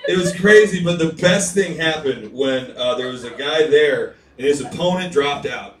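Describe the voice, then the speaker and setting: A man's voice: on the high side, moderate pace, far from the mic. Guy doing profane rambling stand-up, echoey club, heard from a ways off. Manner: rambling, profane storytelling with crowd work. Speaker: stand-up comedian. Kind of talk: stand-up set. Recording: echoey room picked up from afar with loud crowd.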